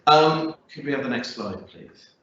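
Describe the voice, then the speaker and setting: A man's voice: medium pitch, normal speed, pushed and bright, highs cut off. A male teacher leading a classroom lesson, encouraging and questioning students, with many fillers. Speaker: English teacher. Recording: echoey classroom, far from mic.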